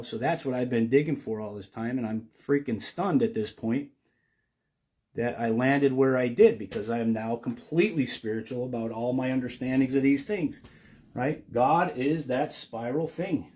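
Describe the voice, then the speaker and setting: A man of middle pitch talks through his beliefs in a winding, unscripted monologue. He circles back on himself, peppering his lines with "you know" and "right?". His delivery swings from quiet musing to forceful emphasis. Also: normal speed. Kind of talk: rambling spiritual monologue.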